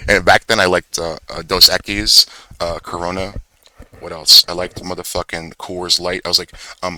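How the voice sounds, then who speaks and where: A man's voice: sits low, steady tone, moderate pace, sharp tone, dry recording, poor audio. A young man telling a rambling, profane story in casual chat, full of fillers and self-corrections. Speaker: vlogger. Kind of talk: rambling casual storytelling while screen-sharing.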